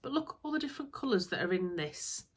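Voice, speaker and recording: Chatty Yorkshire woman, low voice. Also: very animated, fast. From Yorkshire, England. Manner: chatty, giggly, often interrupts herself. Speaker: sewing vlogger. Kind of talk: casual chat to camera.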